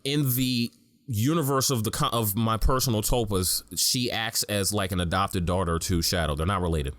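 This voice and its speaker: A man's voice: lowish voice, normal speed, fairly bright tone, no echo. A young man co-hosting a casual podcast, talking frankly in a rambling way and often correcting himself mid-sentence. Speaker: podcast co-host.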